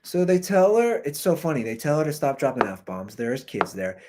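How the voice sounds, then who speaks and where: Animated man ranting on his podcast. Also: medium pitch, moderate pace, background noise. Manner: animated, conversational ranting, says "dude" and "man" often. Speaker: podcast host. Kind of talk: ranting commentary. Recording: recorded through a computer mic.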